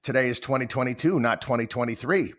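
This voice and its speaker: A man's voice: medium pitch, fast talker, fairly bright tone, close to an everyday voice. A man voicing an insistent AI chatbot that grows stiff, self-assured and scolding. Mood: irritated. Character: insistent, prickly AI chatbot, male-voiced.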